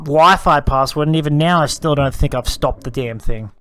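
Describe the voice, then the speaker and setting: A man's voice: fairly high pitch, normal speed, a crowd in the background. A young man co-hosting a podcast, chatting casually and joking in a rambling way. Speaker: podcast co-host. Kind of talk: casual chat.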